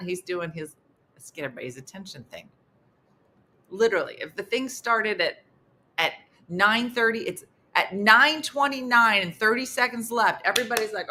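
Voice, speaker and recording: A woman comedian and host telling a funny story with animated exasperation. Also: on the high side, normal speed, slight background noise. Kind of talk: comic storytelling.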